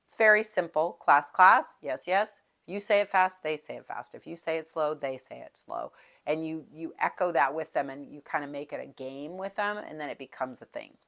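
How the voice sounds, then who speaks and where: A woman's voice: low-pitched, lively intonation, a little fast, vocal fry, a bit bright. A middle-aged woman music teacher talking through classroom tips in a chatty way, singing out short call-and-response rhythms as she goes. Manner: chatty, demonstrates calls and rhythms aloud.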